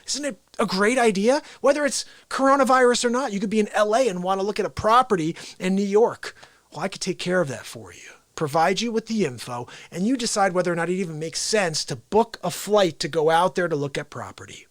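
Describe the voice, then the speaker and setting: Excitable male talk show host. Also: high voice, brisk, no room sound. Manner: excitable, salesy, addresses viewers directly. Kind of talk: live-streamed casual talk show.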